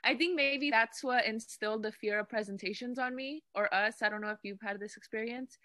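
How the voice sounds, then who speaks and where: A woman's voice: fairly high pitch, brisk, no echo. A young woman with a slight Spanish accent, chatting casually and animatedly with lots of "like". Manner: animated, uses filler words like "like". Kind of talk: casual chat.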